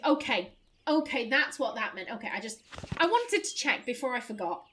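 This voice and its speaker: A woman's voice: high voice, big pitch swings, moderate pace, bright, forceful tone. A woman playing a story game, chatty and thinking aloud, often laughing as she reads dialogue. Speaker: let's play gamer. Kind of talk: game playthrough, reading dialogue aloud with commentary.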